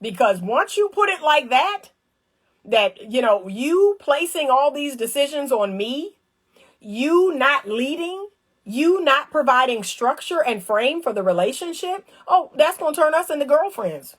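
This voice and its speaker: A woman giving casual, animated commentary on relationships. She talks straight to her viewers in colloquial speech, repeats phrases for emphasis and acts out little scenes. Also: high-pitched, measured pace. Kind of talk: casual direct-to-camera commentary.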